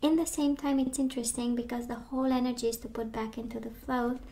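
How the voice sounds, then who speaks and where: A woman losing her voice gives a gentle, reassuring tarot reading, talking with many fillers. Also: fairly high pitch, fairly even intonation, quick pace, slight background noise. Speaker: tarot reader.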